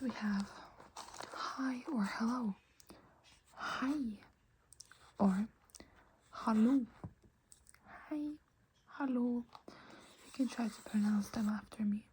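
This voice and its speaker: A woman teaching in a whispered ASMR lesson, slow and patient, gently repeating each word. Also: fairly high pitch, a little hiss or hum, rough recording.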